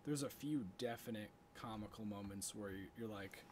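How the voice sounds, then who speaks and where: A man co-hosting a podcast in casual chat, animated and getting louder as he gets worked up. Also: on the low side, moderate pace, few pauses, slight background noise. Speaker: podcast co-host.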